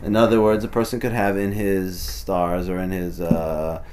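This informal Torah study is led by a man with a low, level, darkish voice at a moderate pace. He translates passages and explains them as he goes, thinking aloud, restarting often and saying "you know" a lot.

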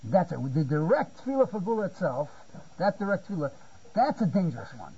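An older man lectures on Torah in a halting way, stumbling and repeating words and asking "you see?" to check that his listeners follow. His voice sits high but sounds mellow and husky. The recording is muffled and lo-fi. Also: big pitch swings. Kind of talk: spontaneous Talmudic lecture.

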